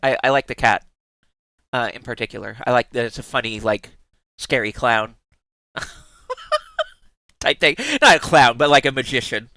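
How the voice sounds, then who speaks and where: A man's voice: mid-range voice, normal speed, long pauses, bright, forceful tone, dry recording. A man streaming live in casual chat, giggling often and rambling in playful asides with many restarts.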